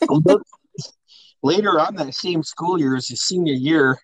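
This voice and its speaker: A man's voice: a little high, unhurried, husky, dry recording, poor audio. A young adult man hosting a podcast, telling family stories in a casual, profane way and often laughing. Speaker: podcast host.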